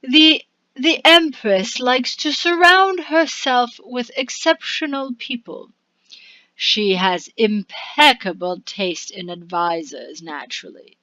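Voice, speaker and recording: A woman voicing a scornful, tipsy noblewoman sorceress in a video game, with a slow, measured courtly delivery. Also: on the high side, expressive, bright, forceful tone, dry recording, dull audio, pitched above the performer's own voice, exaggerated voice. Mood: haughty.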